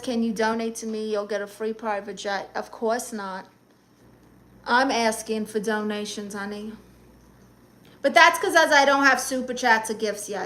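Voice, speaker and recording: A man's voice: very high voice, full character voice. A man playing a sassy, flirty middle-aged aunt with a Spanish accent, hosting a live-stream comedy chat in a brassy, teasing, dramatic way. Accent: Spanish-accented English. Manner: brassy, teasing, dramatic, greets fans warmly. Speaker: livestream host.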